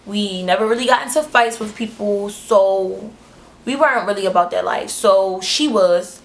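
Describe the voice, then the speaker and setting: A woman's voice: mid-range voice, normal speed. A young woman telling a story on her vlog, blunt and frank, with slang and swearing, acting out the other people in it. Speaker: vlogger.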